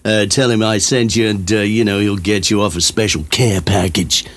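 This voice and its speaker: A man's voice: lowish voice, fairly even intonation, normal speed. An older man presenting a radio show in a rambling, chatty way full of fillers.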